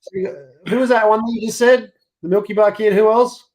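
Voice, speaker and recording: High-voiced halting male podcast co-host. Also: fairly even intonation, a little mellow, slight background noise. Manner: halting, repeats words while asking questions. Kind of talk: casual interview chat.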